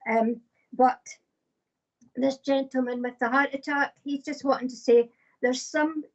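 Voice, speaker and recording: A woman's voice: high-pitched, fairly even intonation, a little slow. A woman, a psychic medium giving live readings in a chatty, casual way with many fillers. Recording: dull lo-fi stream audio.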